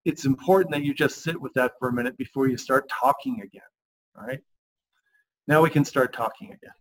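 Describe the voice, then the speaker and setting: A man coaching husbands on a podcast, emphatic and lively, acting out the lines he quotes. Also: mid-range voice, brisk, slight background noise, poor audio. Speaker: relationship coach.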